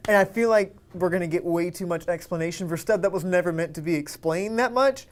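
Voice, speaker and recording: A high-pitched man hosts a casual movie-talk podcast. He chats in an upbeat, easygoing way with his co-host. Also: brisk, slight background noise. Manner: chatty, upbeat host patter.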